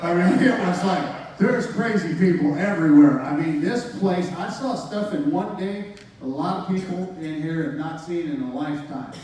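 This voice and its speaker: A man's voice: fairly high pitch, normal speed, a little mellow. A man giving a personal testimony, casual and slangy, acting out the dialogue as he tells it. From United States. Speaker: testimony speaker. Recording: echoey hall, voice from far off.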